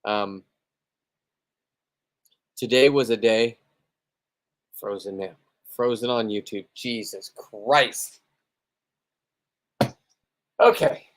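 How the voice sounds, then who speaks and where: A man's voice: on the low side, extremely slow, long pauses. A man chatting loosely on his own livestream, tipsy after a few beers, rambling, swearing freely and boasting about his day. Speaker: livestreaming spearfisherman. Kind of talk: casual livestream chat.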